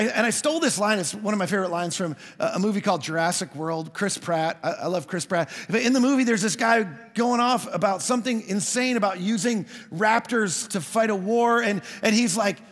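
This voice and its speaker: A man preaching a sermon as a pastor, telling stories in a conversational way with quick asides. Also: high voice, a bit bright. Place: church hall. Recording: long hall reverb.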